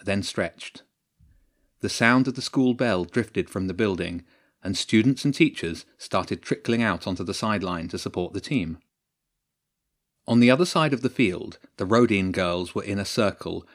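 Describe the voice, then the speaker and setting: A man narrates a story in a low, steady voice. His reading is measured and even, in the manner of an audiobook.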